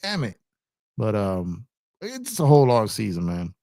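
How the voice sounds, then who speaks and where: A man's voice: lowish voice, huge pitch swings, normal speed, creaky, mellow, no room sound, clean studio sound. A man hosting a casual sports livestream, talking in a laid-back, rambling way with lots of fillers and repeated phrases. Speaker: sports channel host.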